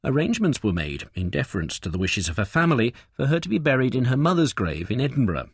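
A man's voice: fast, slightly rough, no echo, studio quality. A man giving a scripted true-crime narration in a dramatic storytelling manner. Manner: dramatic storytelling with lively pitch swings.

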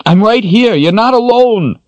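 A man's voice: high voice, expressive, a little slow, no room sound, lo-fi sound, pitched above the performer's own voice. A man voicing a desperate young man, pleading urgently and frantically. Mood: frantic pleading. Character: desperate young man trying to calm a woman.

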